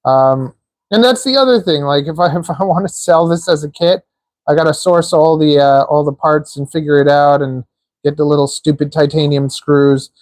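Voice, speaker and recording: A man's voice: on the high side, moderate pace, a little mellow, dry recording. A man hosting a live stream, chatting casually and joking while he assembles small parts, rambling with lots of filler words. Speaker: livestream host building a drone.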